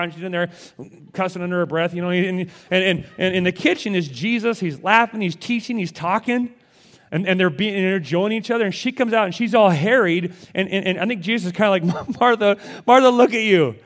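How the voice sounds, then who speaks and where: Male pastor, conversational sermon, animated, stumbles over repeated words, higher voice.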